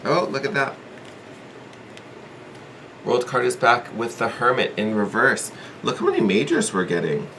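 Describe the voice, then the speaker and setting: A man's voice: fairly low pitch, fairly bright tone, slight background noise. A man giving a casual tarot reading, thinking aloud with hedges and repeats in an earnest, encouraging way. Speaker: tarot reader.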